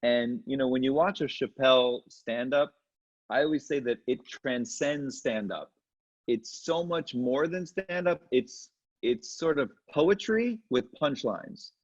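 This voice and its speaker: A middle-aged comedian telling lively stories in an interview, slipping into quick impressions. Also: male voice, mid-range voice. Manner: animated anecdotes with quick impressions. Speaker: comedian guest. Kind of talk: storytelling interview chat. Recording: muffled lo-fi audio.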